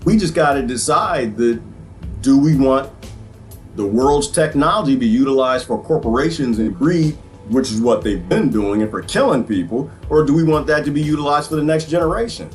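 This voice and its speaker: Animated man hosting a podcast. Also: mid-range voice, moderate pace, faint music behind. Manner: animated, preachy, folksy. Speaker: podcast host. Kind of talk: commentary on played clips.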